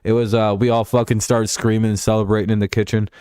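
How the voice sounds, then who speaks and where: A man's voice: lowish voice, level tone, quick pace, warm tone, clean tone, no room sound, studio quality. A young man hosting a live stream, chatting casually about football in a rambling, profane way and reading out chat messages.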